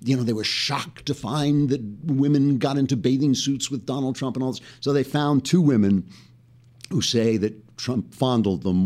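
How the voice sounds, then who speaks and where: A man's voice: lowish voice, darkish tone. A man hosting his own political comedy show, delivering a satirical monologue in a sardonic manner. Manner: sardonic, breaks into laughter.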